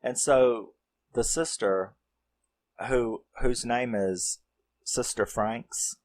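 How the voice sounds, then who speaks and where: Speaking extremely slowly at a medium pitch, a male movie reviewer casually retells a horror comedy's plot. He rambles and swears, acting out the characters' lines.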